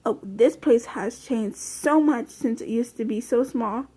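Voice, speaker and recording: A woman reading a fond, gentle mom. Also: on the high side, unhurried, breathy edge. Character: warm fond mother.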